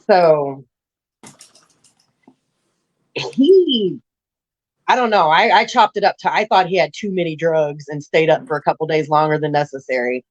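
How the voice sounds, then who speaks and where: A woman's voice: sits low, normal speed, highs cut off. A woman telling her life story in a casual interview, blunt and raw, rambling with restarts.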